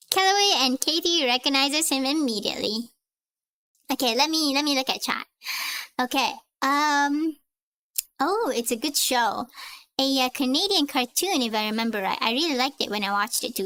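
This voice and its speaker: High, bright-voiced giggly woman streamer. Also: animated, normal speed, no room sound. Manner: giggly, chatty asides. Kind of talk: reading a comic aloud on stream.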